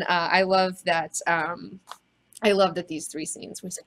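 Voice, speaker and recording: Young woman host, bright, excitable, swears freely, rambling comic-book recap chat. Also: fairly low pitch, unhurried. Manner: excited, profane, rambling with many fillers. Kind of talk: casual recap and discussion.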